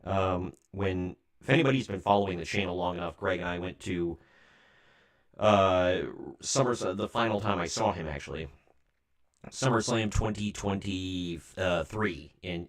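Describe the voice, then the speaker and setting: Ohio guy in his 30s, low voice, rambling chatty livestream talk, keeps correcting himself. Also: measured pace. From Ohio, United States. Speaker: livestream host. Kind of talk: casual livestream chat.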